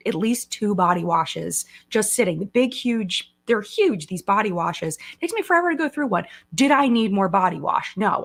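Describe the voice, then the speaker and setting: A woman hosting a casual live-stream chat, talking in a chatty, excitable way with frequent fillers and laughter. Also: mid-range voice.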